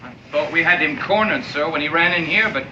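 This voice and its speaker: An actor playing a flustered army corporal. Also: male voice, on the high side, brisk, muffled recording, background noise, close to an everyday voice. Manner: deferential to superiors, brusque with townsfolk. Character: flustered male army corporal, dutiful and gruff.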